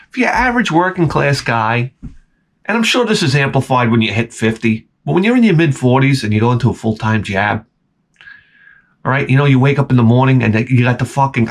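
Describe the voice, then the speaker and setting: A man in his forties hosting his channel, ranting and grumbling with plenty of swearing as he jumps between complaints. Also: mid-range voice. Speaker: channel host. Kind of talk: profane comedic rant.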